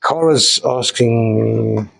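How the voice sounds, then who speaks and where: A man's voice: mid-range voice, very slow, gravelly, background noise. Chatty man hosting a mineral sale. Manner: chatty, enthusiastic, jokey asides. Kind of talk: casual live sales presentation.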